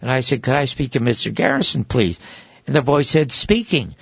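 Gravelly older man telling animated stories. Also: medium pitch, a little fast, dry recording, lo-fi sound. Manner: animated storyteller who acts out quoted voices. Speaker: guest. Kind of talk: anecdotal storytelling.

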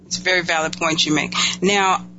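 A man's voice: on the high side, steady tone, a little fast. A man hosting an interview, encouraging and a little hesitant as he asks questions. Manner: encouraging, hesitant with fillers and restarts. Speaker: interview host. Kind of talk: interview conversation. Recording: dull lo-fi sound with clear hum.

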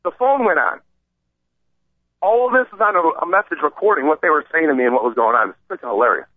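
A man calling in to a radio show and telling an animated, rambling story, acting out the voices of the people in it. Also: on the high side, fast, no room sound. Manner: excited, acts out quoted voices, rambling. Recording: tinny phone line, dry.

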